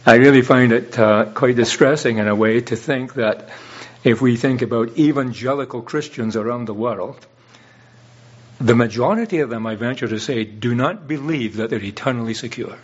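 A man's voice: medium pitch, moderate pace, husky, highs cut off. A man preaching a sermon in an earnest, explanatory way, often restarting his phrases. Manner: earnest, illustrative, with frequent restarts.

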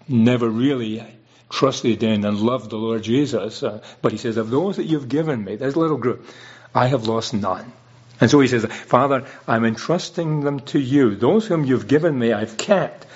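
A man with a slightly husky, mid-pitched voice delivers an earnest sermon. He explains through illustrations, often stumbling and restarting his phrases. The recording is dull and lo-fi. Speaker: preacher.

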